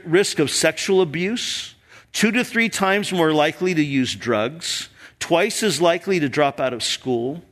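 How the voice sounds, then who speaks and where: A man in his fifties, a pastor preaching a sermon, earnest, with loud emphasis that drops at times to a near-whisper. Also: fairly high pitch.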